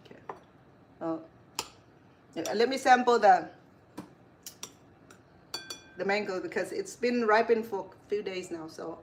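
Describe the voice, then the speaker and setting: A middle-aged woman chef talks her way through a home cooking demo in a loose, rambling way. She drifts into side stories and stops to fix her own words. Her pitch sits in the ordinary middle range, with a faint hiss behind her. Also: moderate pace. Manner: chatty, rambling, corrects herself mid-sentence. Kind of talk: casual cooking demonstration.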